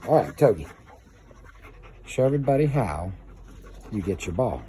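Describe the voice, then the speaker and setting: A man's voice: on the low side, sing-song, normal speed, dark tone, a little hiss or hum. A man talking to his dogs in a playful, coaxing way while playing fetch, outdoors in a backyard. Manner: coaxing, playful pet talk. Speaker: dog owner.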